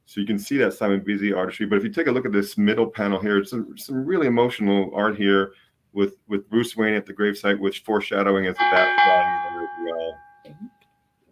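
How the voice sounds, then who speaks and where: A man dealing in comic art, giving a relaxed, easygoing sales pitch. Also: fairly quick, a little hiss or hum.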